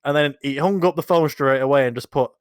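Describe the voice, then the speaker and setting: A young man co-hosting a podcast, telling sweary anecdotes in a casual, animated way. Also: a little high, fast talker, smooth, dry recording, clean studio sound. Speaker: podcast co-host. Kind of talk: casual storytelling chat.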